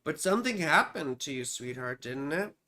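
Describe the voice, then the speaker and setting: A woman's voice: low-pitched, animated, normal speed, sharp tone. A woman astrologer giving a live chart reading. She talks in a rambling way, drifts into asides, and calls the viewer sweetheart and baby.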